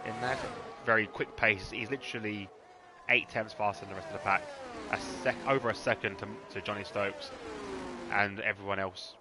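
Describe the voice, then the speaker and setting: A man commentating on a sim racing league as play-by-play host, excitable and quick to jump up at the action. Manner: excitable, rising pitch at on-track action. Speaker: race commentator. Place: home desk with two screens. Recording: loud racing game engine noise behind.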